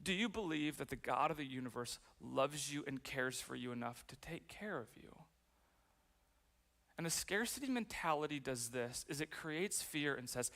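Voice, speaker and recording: A man's voice: on the high side, animated, normal speed, fairly bright tone. A man preaching a sermon as pastor, conversational and self-deprecating, with playful asides.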